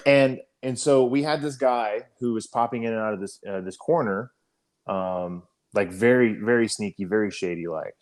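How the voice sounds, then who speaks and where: A man's voice: on the low side, normal speed, darkish tone. A man on a podcast telling an army story in a casual, profane way, full of fillers and restarts. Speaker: podcast co-host, army veteran.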